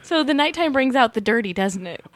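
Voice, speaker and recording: A woman's voice: fairly high pitch, animated, brisk, no echo. A woman co-hosting a podcast, playful and giggly in casual chat. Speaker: podcast co-host.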